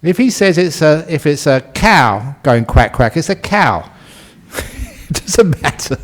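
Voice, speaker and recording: A man's voice: a little high, big pitch swings, slow pace, a bit bright. A middle-aged man, a monk, giving a playful storytelling talk, acting out the parts and laughing at himself. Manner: playful, acts out voices and quacks, laughs at himself.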